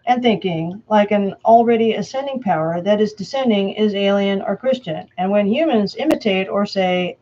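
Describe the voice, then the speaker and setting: A woman reading a prepared statement aloud, slowly and emphatically. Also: mid-range voice, warm tone, muffled recording. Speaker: self-proclaimed Antichrist answering questions.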